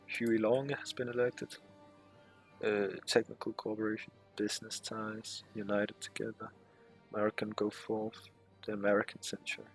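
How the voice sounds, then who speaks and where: A man giving casual gameplay commentary, reading game text aloud with muttered, swearing asides. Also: on the low side. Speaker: strategy game let's player.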